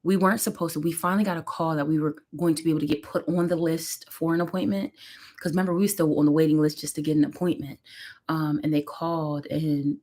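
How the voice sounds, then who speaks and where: A woman's voice: sits low, steady tone, fast, darkish tone. A woman, a mother and vlogger, talking candidly and emotionally at home on a casual live stream, rambling with lots of fillers.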